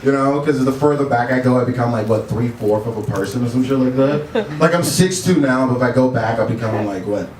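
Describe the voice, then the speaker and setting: On a bar stage, a male stand-up comedian delivers his set in a medium-pitched, slightly quick voice, relaxed and chuckling between jokes. The recording picks him up from a distance in an echoey bar, with bar ambience and a little background noise.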